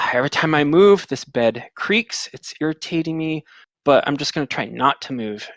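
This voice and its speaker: A man murmuring the thoughts of a weary human fighter, muttering his irritation under his breath. The voice sits fairly high and dry, close and quiet, as if in a tabletop story. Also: lively intonation, normal speed, dry recording. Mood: irritated.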